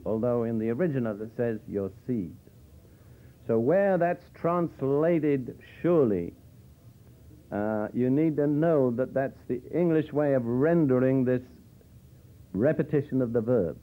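This medium-pitched male preacher takes his time, teaching Bible verses in a chatty sermon laced with dry humor and explaining each one along the way. It's captured on tinny, phone-like old tape.

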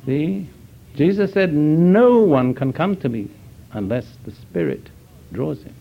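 Older guy preaching, slightly high voice, earnest and slow with pauses, muffled lo-fi recording. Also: very animated, gravelly. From Britain. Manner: earnest, measured, deliberate pauses. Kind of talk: sermon storytelling. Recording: dull lo-fi recording.

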